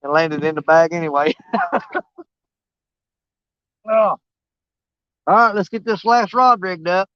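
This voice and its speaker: A man's voice: high-pitched, slow pace, pauses often, fairly bright tone, clean tone, dry recording, muffled recording. A man, rambling and joking about himself as he rigs his fishing rods outdoors for his vlog. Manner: rambling, joking, self-mocking. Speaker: fishing channel host. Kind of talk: casual outdoor vlog talk.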